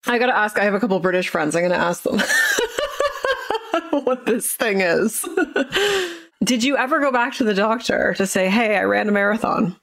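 Woman host, expressive pitch, curious and chatty. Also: normal speed, long pauses. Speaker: podcast host. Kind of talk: casual interview chat.

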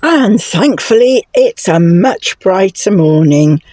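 A woman narrating her travel vlog in a chatty, relaxed way, pausing on fillers. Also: dry recording. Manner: coos to her dogs in high sing-song tones. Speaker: travel vlogger.

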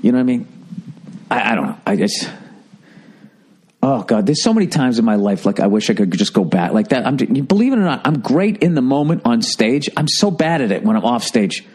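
A man's voice: mid-range voice, sing-song, brisk, a little mellow, husky. A man, ranting casually and profanely as a podcast host at home. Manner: profane, exasperated, mocks others in put-on voices. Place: home room with birds chirping outside.

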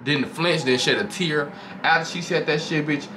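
A man's voice: on the high side, normal speed, bright, forceful tone. A man hosting his own channel, recapping a reality show in casual, profane, gossipy commentary with dramatic flair. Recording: noticeable background noise.

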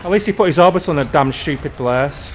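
A man's voice: a little high, expressive, fast talker, a little hiss or hum. A man ranting in exasperation while commentating his own gameplay. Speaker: gamer.

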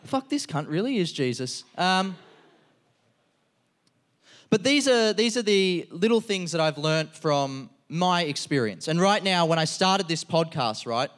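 Male comedian, profane, animated crowd work, raised pitch. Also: slow. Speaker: comedian host. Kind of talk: live stand-up talk. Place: live venue before an audience.

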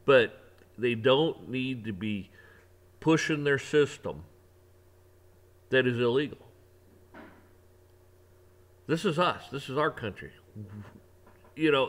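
A man delivers a heated opinion rant in a preachy tone. He repeats phrases over and over for emphasis and drops in curse words as he goes. His voice stays at an everyday pitch. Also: a bit bright. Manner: religious preaching tone. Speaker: online commentator. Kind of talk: ranting opinion monologue.

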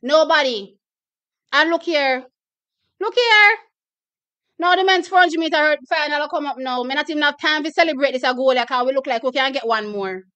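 A Jamaican woman hosting a live watch party, reacting excitably with bursts of shouting and laughter and slipping into patois. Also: high voice, normal speed, no echo, dull audio. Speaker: watch-party livestream host.

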